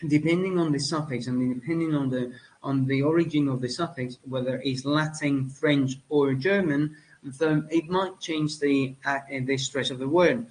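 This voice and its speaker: A man from Spain teaching a lesson, with many fillers, pauses and self-corrections. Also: mid-range voice, darkish tone, rough recording. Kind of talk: spoken lecture.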